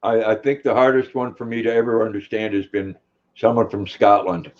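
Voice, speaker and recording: A man chiming in off-mic during a casual live stream with short, halting remarks. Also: fairly low pitch, flat delivery. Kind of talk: casual chat. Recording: dull, muffled sound from off-mic.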